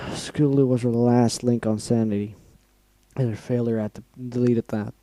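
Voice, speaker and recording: A man's voice: mid-range voice, fairly even intonation, moderate pace, warm tone, no room sound, low-quality recording. A man reading a fan-fiction story aloud, stopping now and then to react with feeling. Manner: reads aloud, breaks off to react emotionally and swear. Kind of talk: dramatic reading with asides.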